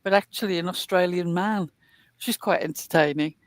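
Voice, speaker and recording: A man with a Cockney accent chatting wryly as a co-host on a casual livestream, pausing on fillers. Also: high voice, dry recording. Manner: chatty, wry, with hesitant fillers.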